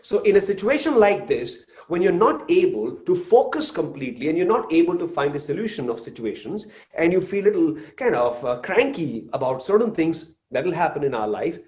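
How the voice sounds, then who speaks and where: A man's voice: on the high side, very animated, a little fast, hardly any pauses, darkish tone. A man, giving a live motivational talk and addressing the audience directly. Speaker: motivational speaker.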